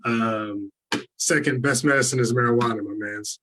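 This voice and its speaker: A man's voice: mid-range voice, steady tone, normal speed, sharp tone, rough recording. A man doing a stand-up set over a video call, rambling with lots of "like" and "um". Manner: rambling, filler-heavy, lots of "like" and "um". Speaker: stand-up comedian.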